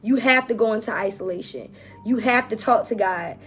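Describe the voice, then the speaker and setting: A woman's voice: on the high side, moderate pace, music in the background. A woman giving an emotional spiritual tarot reading, talking casually and emphatically to her viewers. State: tearful, on the verge of crying. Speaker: tarot reader.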